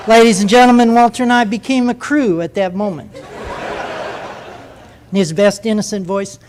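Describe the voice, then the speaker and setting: An older man, a retired jet pilot, telling a story to a live audience in an animated way, breaking into quoted voices. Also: high-pitched, normal speed, background noise. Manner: animated, acts out radio voices and asides.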